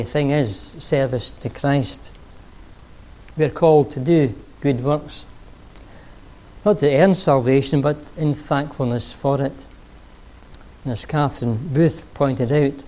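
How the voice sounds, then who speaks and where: A man preaching a sermon, telling a story and then speaking earnestly, sometimes pausing to rephrase. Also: mid-range voice, warm tone.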